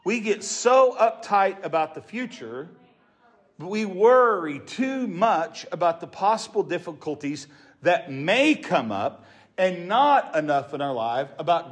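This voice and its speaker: High, lively male preacher speaking slowly. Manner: earnest, emphatic. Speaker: pastor. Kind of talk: sermon.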